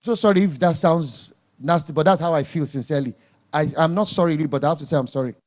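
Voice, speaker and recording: A man's voice: fairly high pitch, fast, a little mellow. A man preaching a sermon, emphatic and scolding, repeating words for stress.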